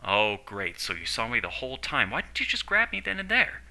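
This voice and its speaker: A man's voice: medium pitch, huge pitch swings, fairly quick, bright, forceful tone, pitched above the performer's own voice, full character voice. A man voicing a defiant young man held captive who fires off questions. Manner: demanding, questioning.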